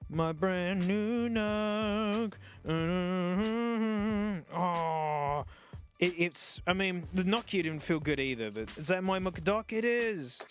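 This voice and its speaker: Excitable Australian man, high lively voice. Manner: excitable and wry, laughs often. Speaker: streamer reviewing phones. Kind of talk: casual unboxing commentary.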